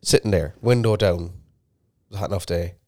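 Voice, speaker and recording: A man's voice: sits low, moderate pace, mellow, no room sound. A man, co-hosting a podcast and telling a long sweary story in casual chat. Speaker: podcast co-host.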